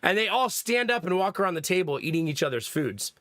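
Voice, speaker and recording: Young male streamer, casual rambling chat, fairly high voice, bright tone, dry close sound. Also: sing-song, fast talker, dry recording. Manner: rambling, laughs often. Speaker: livestream host.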